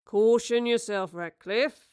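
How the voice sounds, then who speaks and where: A woman voicing a calm, good-humoured male actor in Tudor times, steady and wry, in a storybook reading. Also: mid-range voice, normal speed, no room sound, clean studio sound, lightly acted.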